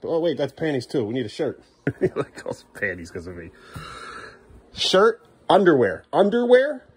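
A man's voice: medium pitch, sing-song, fairly quick, a little mellow, breathy edge. A man in his thirties at home filming a casual family vlog, coaxing his small children playfully and muttering asides. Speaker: father filming his kids.

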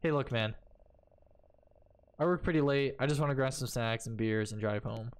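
A man's voice: mid-range voice, normal speed, smooth, lightly acted. Rude, tired late-shift stranger, read plainly by a man in a horror game. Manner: plain reading of game dialogue.

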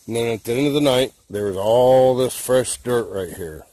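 A man casually explaining and demonstrating an encounter at his trailer in plain, rough-edged talk. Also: mid-range voice, normal speed, warm tone. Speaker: guest recounting an encounter.

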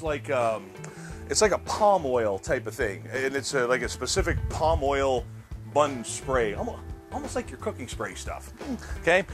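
On his own cooking show, a man walks viewers through a recipe in relaxed conversation, frequently repeating words as he goes. His voice sits a little high and has a somewhat bright quality.

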